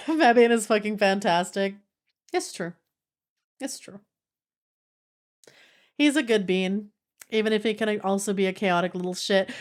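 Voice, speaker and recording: A woman's voice: on the high side, animated, normal speed, pauses often. A woman streamer chatting casually with her live audience, playful and laughing often.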